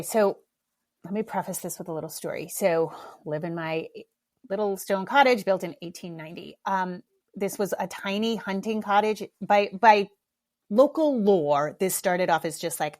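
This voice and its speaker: A woman's voice: fairly low pitch, darkish tone. A middle-aged woman hosting a podcast alone, talking in a casual, candid way, swearing freely and laughing at herself. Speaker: podcast host. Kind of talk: casual solo podcast talk.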